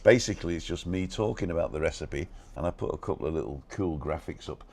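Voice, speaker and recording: A man hosting a casual live stream from a balcony, talking fast and reading out viewers' comments and names. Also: a bass voice, a little mellow. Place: balcony outdoors.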